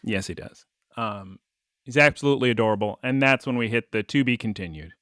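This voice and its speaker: A man's voice: mid-range voice, brisk, a bit bright, no room sound, studio quality. A man co-hosting a podcast, recapping an episode in casual chat and slipping into little character voices. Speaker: podcast co-host.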